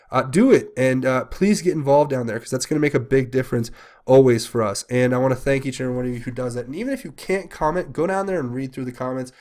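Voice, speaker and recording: A man's voice: mid-range voice, a little mellow. A man hosting his own channel, talking in an earnest, rambling way with many fillers and pleading appeals to viewers. He is congested from a cold. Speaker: channel host. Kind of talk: casual solo commentary.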